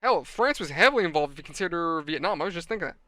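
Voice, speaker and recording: Bright, crisp, animated male storyteller. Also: a little high, rapid-fire, no echo, studio quality. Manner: animated, exasperated storyteller, addresses viewers. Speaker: hobby channel host. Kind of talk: rambling anecdote while model building.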